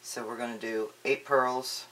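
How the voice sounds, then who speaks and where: A woman giving a casual crafting tutorial, chatty and relaxed, with frequent ums and restarts. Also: extremely low pitch, a little slow.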